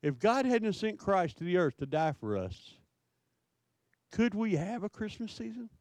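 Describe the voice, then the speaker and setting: A male pastor delivers a sermon, drawing out his rhetorical questions with slow emphasis. His voice sits a touch higher than most men's. The sound is dry and close, with no room echo. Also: very animated, darkish tone.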